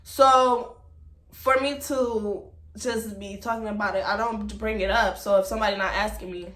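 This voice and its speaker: Animated woman telling a story, echoey room. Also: medium pitch, normal speed. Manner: animated, emphatic, talks straight to viewers as y'all. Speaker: vlogger telling a personal story. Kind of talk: casual storytime to camera.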